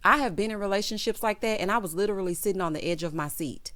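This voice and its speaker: A woman's voice: medium pitch, fast talker, fairly bright tone, no echo. A woman giving a sassy, opinionated reality TV recap, acting out quotes in character. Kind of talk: casual recap commentary.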